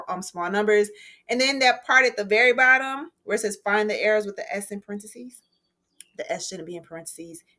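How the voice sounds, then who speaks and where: A woman's voice: medium pitch, bright, forceful tone. Woman teaching a writing lesson. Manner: clear, deliberate, emphatic explaining. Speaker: English teacher.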